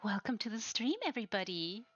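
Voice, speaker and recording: A woman streaming a tour of player-built houses, gushing with breathy exclamations and soft whispers between her remarks. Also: mid-range voice, a little fast, no room sound. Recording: slightly dull lo-fi sound with faint music behind.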